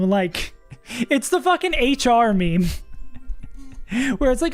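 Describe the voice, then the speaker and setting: This streamer's mid-range voice is animated and moves at a normal pace as he casually comments on a game he's playing live. He thinks aloud, laughs frequently and curses from time to time, over soft background music in a dry recording.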